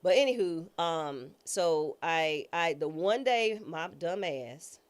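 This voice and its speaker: A judge who was once a public defender tells a personal story as an interview guest, speaking slowly in a low voice with lively intonation. She comes across as candid, slangy, dramatic and ready to laugh at herself.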